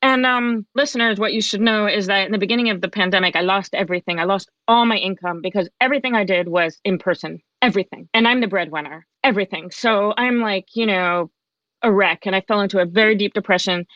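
A woman's voice: medium pitch, fast talker, no room sound. Chatty woman telling a story, lo-fi. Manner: animated, chatty, acts out quoted dialogue. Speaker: podcast guest. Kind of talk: conversational storytelling. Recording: dull, dry lo-fi sound.

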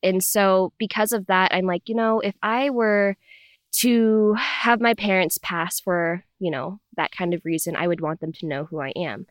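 A woman's voice: mid-range voice, moderate pace, no echo, clean studio sound. A young adult woman, a podcast guest, animatedly recounting a personal story in conversation. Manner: animated, acts out her parents' voices in quotes.

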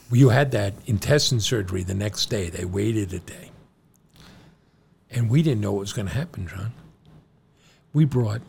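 A middle-aged man with a gravelly, low-set voice tells a story to his son, acting out the voices of the people in it. He leans into the quoted lines. There is a faint hiss under the recording. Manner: animated storyteller, acts out quoted doctors. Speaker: podcast co-host, John's father.

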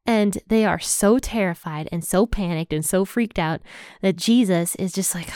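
A woman's voice: medium pitch, normal speed, mellow, dry recording. Woman teaching scripture casually, dry sound. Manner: conversational, explains verses in everyday terms. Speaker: Bible podcast host. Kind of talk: casual Bible study teaching.

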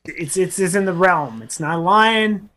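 A man's voice: sits high, expressive, measured pace, pushed and bright. A man co-hosting a radio show, plainspoken, often restarting and repeating words as he talks. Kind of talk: casual radio banter.

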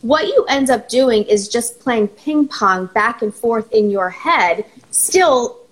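A woman therapist, a guest on a talk show, explaining ideas in a steady teaching tone. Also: a little high, slow, rough recording. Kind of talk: conversational explanation.

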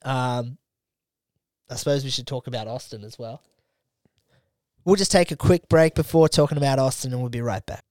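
A man's voice: medium pitch, normal speed, pauses often, a little mellow, no room sound. A young Australian man co-hosting a podcast, telling a travel story in casual chat, swearing freely and acting out his mates' lines. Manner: swears freely, acts out friends in quoted dialogue. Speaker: podcast co-host.

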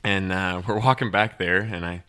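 A man telling a lively golf story as a podcast guest, acting out what people said. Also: deep voice, moderate pace, noisy background. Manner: animated storyteller acting out quotes. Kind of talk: casual storytelling.

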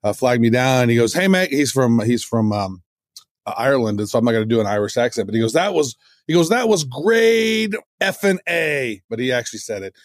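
This man, a podcast co-host, talks fast and enthusiastically in casual chat, rambling and restarting his sentences. His voice is mid-range, recorded in clean studio sound with no room sound.

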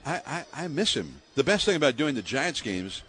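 An older baseball broadcaster from the San Francisco Bay Area tells lively stories in an interview, laughing often and using many fillers. He has a mid-range voice and talks a little fast.

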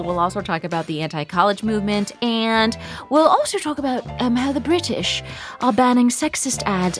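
Lively, laughing woman hosting a comedy podcast. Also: fairly high pitch. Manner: animated, laughs often, swears freely. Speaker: podcast host. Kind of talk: casual comedy chat.

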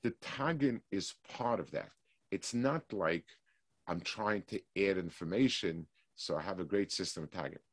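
A low-voiced man teaches his weekly Torah class, explaining at a measured pace and pausing to restart his thoughts. He reads Hebrew passages quickly. The recording is close and dry, with no room echo.

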